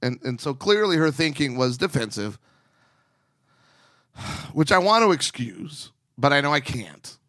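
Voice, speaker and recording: A man with a fairly high voice co-hosts a casual chat podcast. He reads listener letters aloud and gets worked up over them. The sound is dry and close. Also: big pitch swings, a little slow, pauses often, pushed and bright, no echo. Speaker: podcast co-host reading listener questions.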